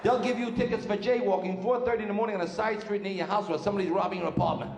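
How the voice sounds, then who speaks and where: A man's voice: sits high, fairly even intonation, creaky, darkish tone, slight background noise. A male stand-up comedian, firing off jokes on stage and slipping in character voices. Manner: brash rapid-fire joke delivery, putting on characters' voices. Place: stage before a live audience. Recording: echoey live club sound with room reverb.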